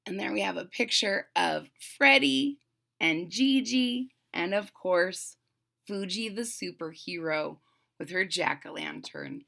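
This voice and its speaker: A woman reading a children's picture book aloud as a channel host, pausing to explain the pictures. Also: medium pitch, gravelly. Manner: slow, gently explaining the pictures. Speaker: storybook read-aloud host.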